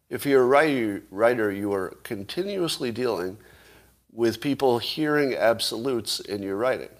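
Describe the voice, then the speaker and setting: A man hosting a casual livestream, arguing his point and throwing rhetorical questions at viewers, with the odd chuckle. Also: on the low side. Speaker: livestream host.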